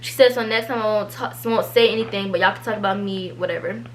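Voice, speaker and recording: A teenage girl, telling a storytime vlog and reading out an argument, animated and exasperated. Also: mid-range voice, slight background noise. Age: teens. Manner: animated, exasperated, quick asides. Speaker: vlogger.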